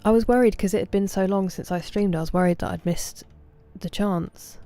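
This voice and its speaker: Mellow-voiced woman chatting on stream. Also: medium pitch, brisk, faint music behind. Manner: chatty, greets and thanks viewers by name, drops to soft murmurs. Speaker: game streamer. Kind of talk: casual livestream chat.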